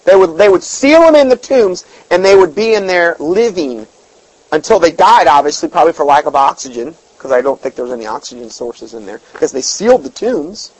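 A man's voice: a little high, expressive, a little fast, breathy edge, no echo, low-quality recording. A man preaching an informal sermon in a folksy, emphatic way, often repeating words and reading scripture aloud.

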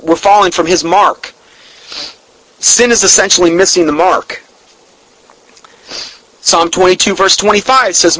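The sermon comes from a man whose voice is high, bright and forceful, and who speaks with earnest emphasis and open emotion. When reading scripture and definitions he slows his pace, and the low-quality recording has no echo.

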